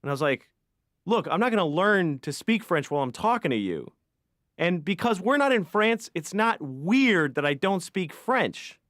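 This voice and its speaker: Guy doing cranky cartoon comedian, rants all over the place, high and bouncy, dry sound. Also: very animated, normal speed, dry recording, lightly acted. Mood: indignant. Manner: exasperated, ranting storyteller. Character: ranting grumpy adult male comedian. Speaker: comedian patient. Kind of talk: animated stand-up monologue.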